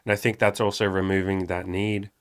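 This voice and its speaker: A man's voice: sits low, little pitch movement, brisk, clear, resonant tone. A young man hosting a casual talk with his partner, candid and swearing, acting out old arguments. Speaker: podcast host. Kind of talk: casual couple chat.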